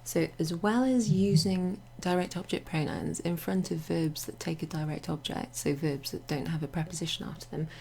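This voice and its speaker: A woman teaching a casual French grammar lesson to her club members, chatty and relaxed, with many fillers and asides. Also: fairly low pitch, normal speed, creaky, hardly any pauses, a little hiss or hum. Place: home near a greenhouse.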